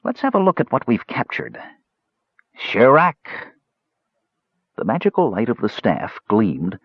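A man reading a fantasy audiobook in scripted, measured and dramatic narration. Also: lowish voice, breathy edge, no room sound, highs cut off.

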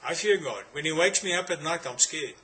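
A man with a South African accent delivers a sermon in a slightly high, animated voice that is a little fast, pushed and bright. He is emphatic and repetitive, peppering his listeners with rhetorical questions.

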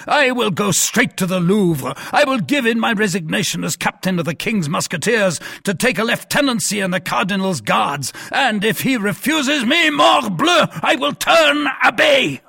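A man voicing a furious, commanding captain of musketeers who bursts into indignant shouts. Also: a little high, lively intonation, measured pace, gravelly, breathy edge, no echo, clean studio sound, pitched above the performer's own voice, full character voice. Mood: outraged. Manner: bellowing, indignant outbursts.

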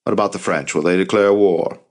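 A man voicing an older, brisk wartime president with a clipped, exasperated manner in an audiobook. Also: deep voice, a little mellow. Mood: impatient.

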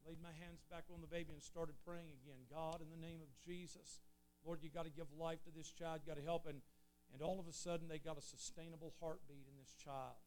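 A preacher telling an earnest story in a sermon, swelling loud and then dropping low. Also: male voice, a little hiss or hum. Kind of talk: sermon testimony.

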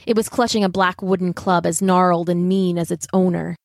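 A woman narrating a children's story aloud in a measured, gently expressive reading style. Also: lowish voice, vocal fry, no echo, clean studio sound. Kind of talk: audiobook narration.

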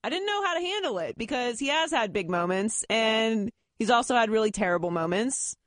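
A woman's voice: fairly high pitch, expressive, a little fast, fairly bright tone, no room sound. Woman, sports talk co-host, playful chatter, dry studio sound.

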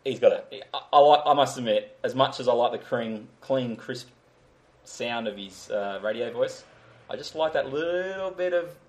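A man's voice: medium pitch, normal speed. A man hosting a casual sports podcast, chatty and jokey. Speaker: podcast host.

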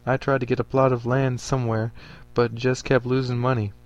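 A man's voice: mid-range voice, flat delivery, a little fast, no echo, lo-fi sound, close to an everyday voice. A man voicing an earnest male preacher, a former soldier, who speaks in formal, stiff phrases.

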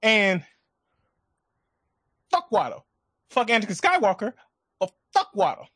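A man bantering on a podcast in a loud, profane, mock-angry way. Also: high-pitched, sing-song, measured pace, no room sound, clean studio sound.

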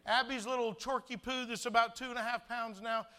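A man's voice: very high-pitched, level tone, fairly quick, sharp tone, clean tone. A middle-aged man preaching a sermon as pastor, chatty and stammering through restarts, slipping into little acted asides.

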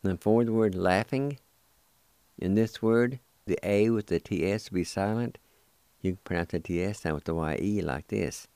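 A man hosting a radio language lesson, spelling words letter by letter and repeating each word slowly. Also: deep voice, a little mellow, clear, resonant tone, no room sound. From United States. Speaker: language teacher and radio host.

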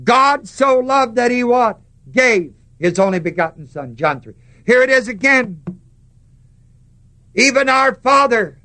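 A man preaching a sermon, stressing words slowly and putting questions to the congregation. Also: very high voice, lively intonation, bright, forceful tone.

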